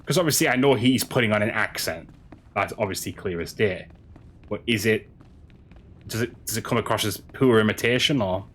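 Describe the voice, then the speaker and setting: A man streaming a game, chatting casually with his audience in a halting way, with frequent restarts. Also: on the low side, fairly bright tone. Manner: halting, chatty, many restarts, answering chat. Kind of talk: casual stream chat while gaming.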